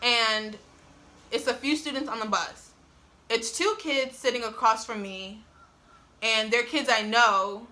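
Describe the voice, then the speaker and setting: A woman's voice: fairly high pitch, steady tone, unhurried, long pauses, pushed and bright. A young woman telling a personal story in a casual vlog, chatty and full of "like", laughing often, filmed on a phone on a tripod. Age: young adult. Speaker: vlogger. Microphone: phone camera on tripod.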